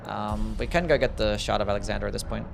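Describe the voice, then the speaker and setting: A man's voice: fairly low pitch, fast, vocal fry, noisy background. A young Australian man giving casual gameplay commentary as a streamer, mumbling, sighing and swearing often. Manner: mumbly, swears often, sighs, reads chat aloud.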